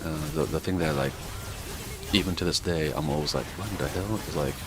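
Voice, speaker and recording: Deep-voiced man rambling in chat. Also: steady tone, a little fast. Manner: rambling, lots of "like" fillers, storytelling. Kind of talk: casual chat.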